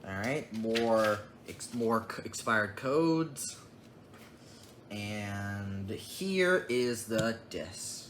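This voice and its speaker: A man's voice: lowish voice, expressive, drawn-out words, a bit bright. A young man casually showing off his disc collection, rambling in an offhand way and muttering asides. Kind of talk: casual unboxing vlog. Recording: echoey room with clear background noise.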